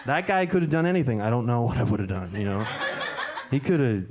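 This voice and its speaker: A male stand-up comic in a club, telling his set with a halting, self-deprecating delivery and plenty of restarts. His pitch swoops lively up and down. Heavy background noise fills the live recording. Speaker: stand-up comedian. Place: comedy club stage with audience.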